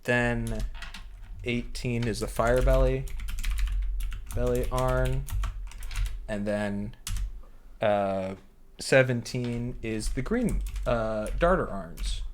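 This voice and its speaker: A man running a streamed tabletop game as game master, chatty, with frequent fillers and quick laughs. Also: mid-range voice, fairly even intonation, a little hiss or hum.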